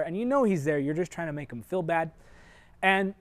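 A man preaching a televised sermon, speaking to viewers directly and personally, moving from loud emphatic points to quiet, confiding asides. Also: a little high, animated, moderate pace. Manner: earnest, shifts sharply between loud emphasis and quiet asides.

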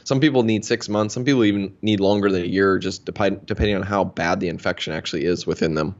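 Lively man telling a story, lo-fi. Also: low voice, fast talker. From Minnesota. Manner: animated storyteller, acts out quoted dialogue. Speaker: interview guest, health practitioner. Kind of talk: casual interview storytelling. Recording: dull lo-fi sound.

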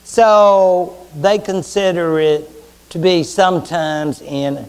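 Slow, high-voiced Southern US male lecturer. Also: steady tone, clean tone. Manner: chatty and wry, asks the class rhetorical questions. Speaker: history lecturer. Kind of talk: university lecture.

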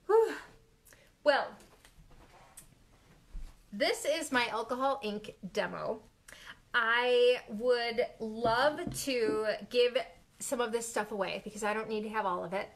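Woman, art studio owner, live-stream craft demo, excitable, slow-talking, slightly high voice. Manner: excitable, gasping, easily delighted. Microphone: phone or camera on live stream.

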